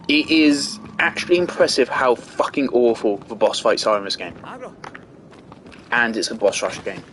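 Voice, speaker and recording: A man's voice: medium pitch, a little slow, long pauses, fairly bright tone, a little hiss or hum. A young man giving angry gameplay commentary, ranting and swearing heavily. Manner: furious ranting, heavy swearing. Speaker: gaming video creator.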